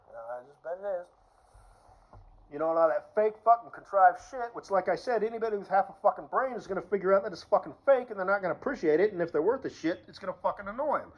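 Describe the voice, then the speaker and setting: Profane ranting man, high voice. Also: fast, highs cut off. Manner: profane, sarcastic, swings between mumbling and shouting. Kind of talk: casual ranting monologue.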